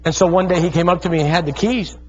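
Calling out to the congregation and weaving stories, a fervent thirty-something pastor delivers a sermon in a high, slightly mellow voice at a quick pace. The recording is dull and lo-fi.

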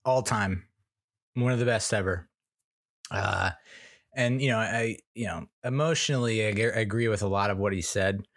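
Man, 40s, fan podcast host, gravelly and dry, casual halting commentary. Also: lowish voice, a bit bright, no echo. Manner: halting, filler-heavy, wry.

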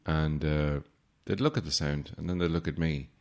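Low-voiced man telling wry anecdotes. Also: steady tone, moderate pace, darkish tone, a little hiss or hum. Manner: wry, sarcastic anecdotes with mock-formal asides. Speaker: podcast host. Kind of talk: casual storytelling monologue.

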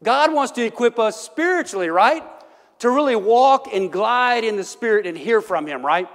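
High-voiced folksy pastor preaching in a hall. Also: male voice, expressive, moderate pace, a bit bright. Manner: folksy storytelling, laughs often, asks "right?". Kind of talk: sermon. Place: church sanctuary. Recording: church hall reverb.

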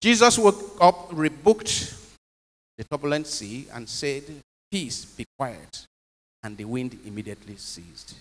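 A man's voice: fairly high pitch, big pitch swings, unhurried, a bit bright. A man, a priest, giving an emphatic homily and putting questions to his congregation. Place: chapel. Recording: long chapel reverb.

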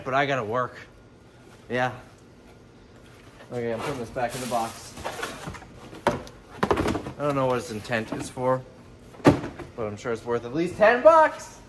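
With slight background noise, a man whose voice sits on the high side thinks aloud while unboxing things for resale. This reseller vlogger keeps his commentary casual and joking.

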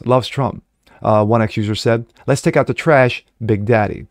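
Male commentator, mid-pitched, reads news then riffs mockingly, stumbles and corrects himself, dry booth sound. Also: steady tone, moderate pace, no room sound. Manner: mocking asides, frequent fillers and self-corrections. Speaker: online political commentator. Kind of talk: reading news with personal commentary.

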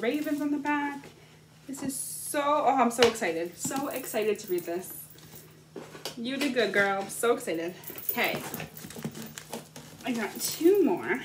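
A young woman chatting casually as she unboxes gifts at home on the floor, gushing and excitable. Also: on the high side, noisy background. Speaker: vlogger. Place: indoors at home, sitting on the floor.

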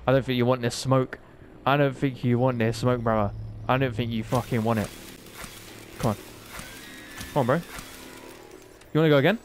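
A young man streaming a game live, excitable and swearing often, talking to the creatures on screen. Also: mid-range voice, normal speed, long pauses, soft background music. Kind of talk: live gameplay commentary.

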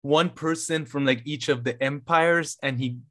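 A man co-hosting a podcast in casual chat, relaxed and full of "like" fillers. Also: on the high side, normal speed. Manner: relaxed, laughs along, filler words. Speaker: podcast co-host.

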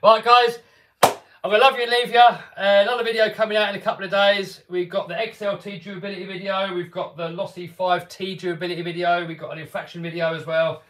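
Chatty English man, slightly high voice. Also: level tone, fast talker, a bit bright. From England. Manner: chatty and upbeat, with many restarts and fillers. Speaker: RC car YouTuber hosting a live stream. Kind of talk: casual live-stream chat answering viewers.

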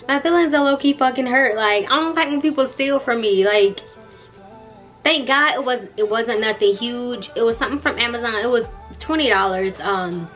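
A young woman with a fairly high, slightly bright voice chats casually in a vlog, candid and talkative. She swears freely and calls her viewers "girl" and "y'all."

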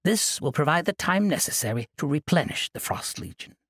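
A man's voice: fairly high pitch, expressive, brisk, a bit bright, slightly rough, no echo, studio quality, voice pushed up. A man voicing a sly, scornful female assassin in an audiobook, with a taunting, mocking manner.

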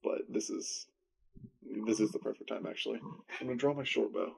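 A man's voice: mid-range voice, steady tone, a little fast, creaky, darkish tone, slightly rough. A man playing in a tabletop roleplaying game, talking casually and hesitantly. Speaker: player.

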